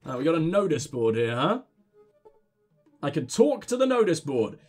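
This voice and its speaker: High, lively-voiced swearing gamer. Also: male voice, moderate pace, long pauses, soft background music. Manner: excitable, swears freely, jokey. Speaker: let's play host. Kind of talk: casual gameplay commentary.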